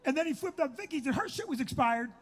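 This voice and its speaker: A man's voice: extremely high pitch, expressive, fast talker. A middle-aged man, telling a comic story in a brash, profane, exaggerated way. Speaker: comedian host. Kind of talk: storytelling chat.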